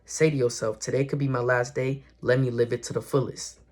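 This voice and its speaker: A man's voice: mid-range voice, little pitch movement, brisk, a little mellow. A young man vlogging casual spiritual encouragement, earnest and slangy, often repeating and correcting himself. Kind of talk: casual motivational talk to camera.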